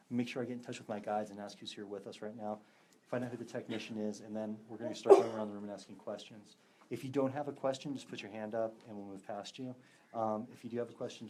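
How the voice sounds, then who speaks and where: A man's voice: on the low side, dark tone. Upbeat man leading a ghost hunt. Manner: upbeat, laughs easily, talks to spirits. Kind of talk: live event chat. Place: room in a historic house.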